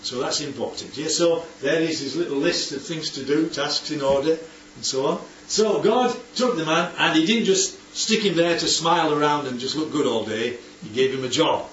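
Man, Bible study leader, animated, keeps checking for agreement; distant, echoey, muffled recording. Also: on the high side, moderate pace, hardly any pauses, slight background noise. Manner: animated, asks for agreement often. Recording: roomy, distant, dull recording with faint background ambience.

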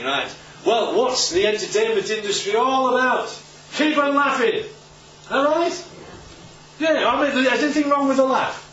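A man's voice: high-pitched, a bit bright, a little hiss or hum. Roomy, distant male preacher. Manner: conversational, checks in with listeners often. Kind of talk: informal Bible talk. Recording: roomy, distant, dull recording.

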